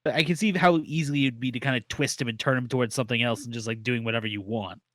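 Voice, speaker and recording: Male podcast co-host, relaxed chatty sidekick. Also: medium pitch, racing, no echo. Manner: laid-back, short agreeing replies. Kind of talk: casual anime recap chat.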